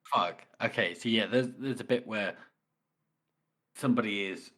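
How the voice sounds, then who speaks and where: A man co-hosting a book podcast in casual chat. He is excitable, swears freely and laughs often. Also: on the low side, moderate pace. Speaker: podcast co-host.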